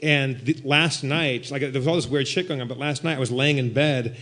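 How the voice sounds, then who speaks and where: A man telling a comedic ghost story on stage at a live show, animated and breaking into loud shouted outbursts. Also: medium pitch, fairly quick. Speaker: guest storyteller.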